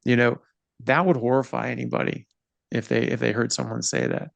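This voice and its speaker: Guy hosting a podcast, gravelly fry in his voice, earnest emphatic talk, sounds close and dry. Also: mid-range voice, level tone, a little fast, no room sound. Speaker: podcast host. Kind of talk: conversational interview.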